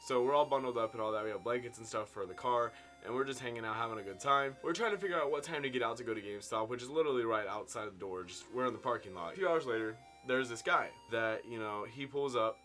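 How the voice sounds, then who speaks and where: A man in his twenties tells a casual story-time tale to his viewers, with big swings in loudness and pitch. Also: fast talker, hardly any pauses, faint music behind. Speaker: vlogger telling a story. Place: indoor room at home.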